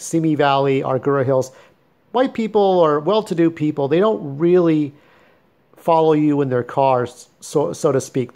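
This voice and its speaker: A man's voice: fairly high pitch, darkish tone. Blunt, bitter man. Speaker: vlogger. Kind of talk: late-night solo monologue. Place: at home at night.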